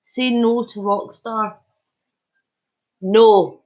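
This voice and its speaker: Woman streamer, high voice, unhurried, playful banter, slightly dull lo-fi stream audio. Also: fairly even intonation, a little mellow. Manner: chatty, jokey, punning, laughs often. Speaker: livestream host. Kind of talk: casual live chat reading comments.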